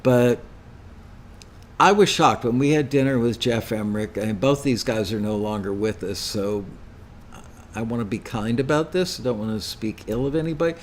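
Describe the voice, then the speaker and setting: A man's voice: mid-range voice, moderate pace, slight background noise. An older man hosting a live question-and-answer show, answering chat questions with rambling, anecdotal stories. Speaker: host.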